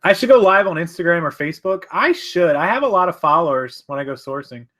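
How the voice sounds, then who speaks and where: This live-stream host talks fast, with an animated, slightly bright voice on the high side. Broadcasting from his home office, he chats loosely, rambles, corrects himself, and addresses viewer comments.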